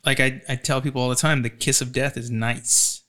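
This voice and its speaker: A man in casual podcast conversation, animated, swearing freely and often acting out other people's voices. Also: medium pitch, a little fast. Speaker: podcast co-host. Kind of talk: casual chat.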